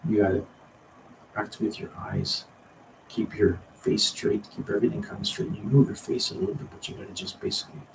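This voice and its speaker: Deep, gravelly male acting coach. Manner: rambling, repeats and restarts phrases. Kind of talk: spoken acting lesson. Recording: distant mic with clear background noise.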